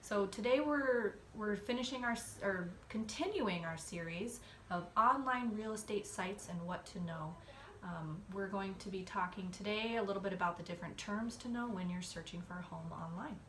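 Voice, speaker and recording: A woman's voice: mid-range voice, moderate pace, a bit bright, distant mic. A woman co-hosting a casual real estate podcast. She has a cold and talks in a chatty way, with fillers and frequent laughs. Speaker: podcast co-host. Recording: echoey room, off-mic, faint noise.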